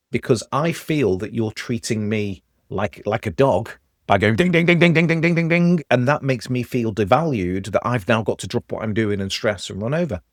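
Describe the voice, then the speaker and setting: A man with a Stoke Midlands accent, a podcast guest telling lively examples in casual conversation. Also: mid-range voice, no echo, clean studio sound. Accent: Stoke, English Midlands.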